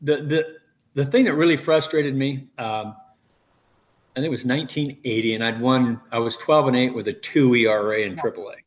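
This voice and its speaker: A man in his sixties, a former pitcher and guest, telling stories in a rambling way with many restarts. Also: moderate pace. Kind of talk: casual interview storytelling. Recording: dull lo-fi audio.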